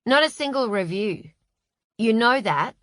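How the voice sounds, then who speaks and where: A woman's voice: fairly high pitch, expressive, a little slow, fairly bright tone, no echo, voice pushed up. A woman voicing a weary, prickly middle-aged novelist who speaks in a dry, curt, self-pitying way.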